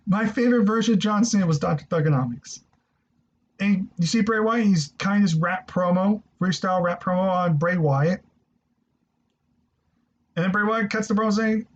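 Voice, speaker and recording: Male reviewer, high voice, excitable rambling delivery, muffled lo-fi sound. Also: moderate pace, pauses often. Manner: excitable, rambling, swears freely. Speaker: wrestling show reviewer. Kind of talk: casual spoken review. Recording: dull lo-fi recording.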